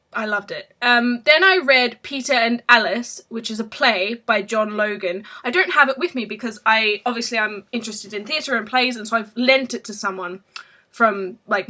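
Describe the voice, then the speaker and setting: A woman's voice: fairly high pitch, pushed and bright. A woman giving a casual book review vlog, chatty, with lots of ums and restarts.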